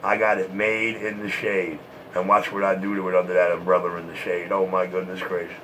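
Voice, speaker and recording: A man's voice: low-pitched, monotone, fairly quick, fairly bright tone, a little hiss or hum, rough recording. A man trash-talking and taunting in a repetitive, boastful way, short of breath from smoking.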